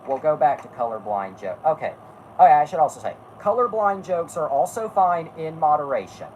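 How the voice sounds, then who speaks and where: A woman's voice: sits low, lively intonation, fairly quick, a little mellow, highs cut off, a little hiss or hum. A woman hosting a casual podcast, talking bluntly and rambling, stopping to correct herself and swearing freely. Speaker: podcast host. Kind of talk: casual chat.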